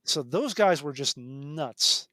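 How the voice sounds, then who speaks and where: A man's voice: fairly high pitch, expressive, takes it slowly, sharp tone, no echo. A middle-aged man, a game designer, telling stories as a podcast guest and often restarting and correcting himself mid-sentence. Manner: rambling, self-correcting storyteller. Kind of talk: casual podcast conversation.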